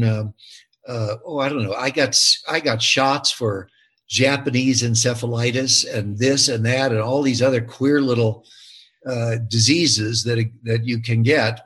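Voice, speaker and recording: A man's voice: mid-range voice, a bit bright, breathy edge. An older man talking casually in an interview about his film, telling stories with many restarts and fillers.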